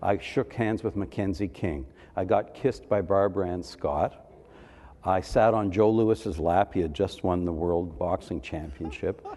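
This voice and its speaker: A man's voice: low-pitched, measured pace, dark tone. A man in his seventies from Canada, telling playful personal anecdotes as a panelist and acting out the voices of people he quotes. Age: 70s. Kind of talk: storytelling panel talk. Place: large hall. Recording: reverberant hall.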